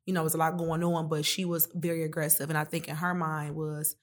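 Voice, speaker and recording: A woman's voice: low voice, little pitch movement, fast. A woman talking candidly and emotionally in a heart-to-heart conversation, full of casual slang.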